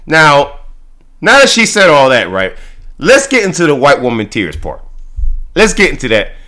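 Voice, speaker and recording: A man hosting reaction commentary, mocking and animated, with stammering repetitions. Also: a little high, normal speed. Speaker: host.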